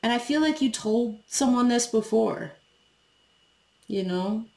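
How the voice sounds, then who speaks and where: A woman's voice: fairly high pitch, measured pace, gravelly, darkish tone, echoey room. A woman giving a casual tarot reading to her viewers, talking frankly, swearing freely and laughing as she acts out what people say. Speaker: tarot reader.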